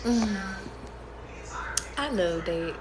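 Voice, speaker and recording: Speaking very slowly and expressively in a mid-range voice, a woman reads tarot for her viewers in an echoey room. She's casual and emphatic, swears a lot, and keeps repeating herself and starting phrases over.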